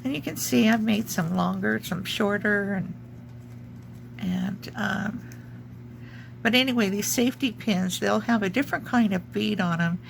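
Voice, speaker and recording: Slightly slow and speaking with vocal fry at medium pitch, a junk journal crafter casually presents her craft work. She rambles, searches for words with frequent ums, and keeps hiccuping, over slight background noise.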